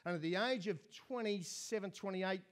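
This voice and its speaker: A man's voice: high voice, moderate pace. An Australian man telling comic stories as an after-dinner speaker, dry and self-mocking.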